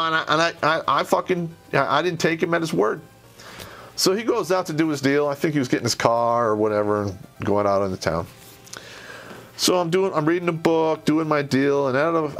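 A man's voice: on the high side, lively intonation, a little fast, fairly bright tone, faint music behind. Blunt, profane man telling army stories. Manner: profane, blunt, rambling with fillers. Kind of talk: casual storytelling monologue.

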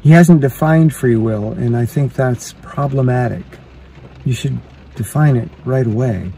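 A man's voice: medium pitch, a little slow, vocal fry, warm tone, a little hiss or hum. A man in his fifties, a fitness vlogger, talks to the camera in a casual, reflective way and thinks aloud. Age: 50s. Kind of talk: casual vlog monologue.

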